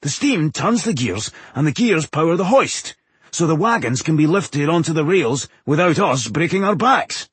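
A man's voice: fairly high pitch, animated, normal speed, breathy edge, no room sound, voice pushed up. A male narrator voicing a level-headed male dwarf warrior with a dry, joking manner. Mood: practical. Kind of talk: audiobook character voice.

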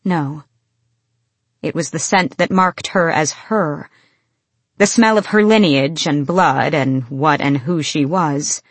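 A woman reading fantasy fiction aloud in measured, expressive storytelling. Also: lowish voice, no echo. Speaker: audiobook narrator. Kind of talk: scripted fantasy narration.

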